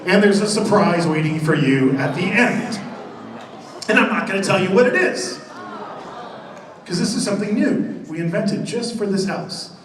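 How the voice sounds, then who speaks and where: High-voiced man presenting in an echoing hall. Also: normal speed, a little hiss or hum. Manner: lively, joking, relishes gory detail. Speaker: haunted attraction designer presenting on stage. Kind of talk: live stage presentation. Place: large convention hall. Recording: roomy hall recorded from far off.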